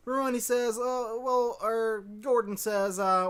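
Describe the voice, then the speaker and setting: A man reviewing a TV episode in a casual, animated and sarcastic way. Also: very high voice, unhurried, clean tone. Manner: animated, sarcastic, jumps between excitement and annoyance. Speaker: TV show reviewer.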